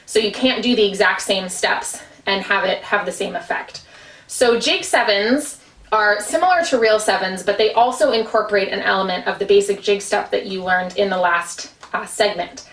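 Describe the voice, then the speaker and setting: A woman with a medium-pitched, somewhat bright voice teaches an Irish dance lesson in her small kitchen, explaining footwork and counting steps aloud while she dances. The camera sits at a distance, so she sounds far off in an echoey room.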